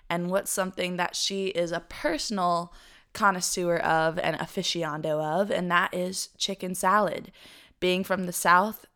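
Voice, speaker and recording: A young woman with a slightly low voice tells a story to her podcast co-host. She is chatty and animated and laughs easily. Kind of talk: casual storytelling chat.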